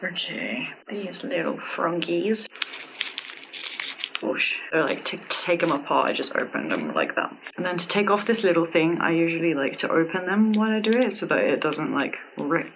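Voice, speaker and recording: A woman's voice: low-pitched, expressive, moderate pace. Gushing woman unboxing a wig, noisy room. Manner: gushing, breathy exclamations, drops to whispers. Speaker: wig reviewer. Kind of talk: casual unboxing review.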